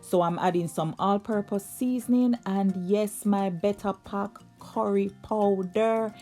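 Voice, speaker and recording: A young woman narrates her casual cooking vlog in a medium-pitched, darkish voice, upbeat and chatty as she hosts the channel and draws out her words.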